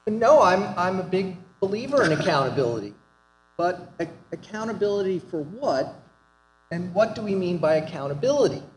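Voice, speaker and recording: Man panelist, higher-pitched, emphatic rhetorical delivery, reverberant hall with faint noise. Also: sing-song, a little fast. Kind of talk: academic panel talk. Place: conference hall.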